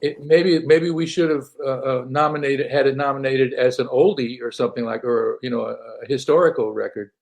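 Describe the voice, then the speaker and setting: An older man, a singer-songwriter, telling stories casually as an interview guest, animated, laughing often and repeating words. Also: mid-range voice, brisk, vocal fry, few pauses. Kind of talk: casual storytelling.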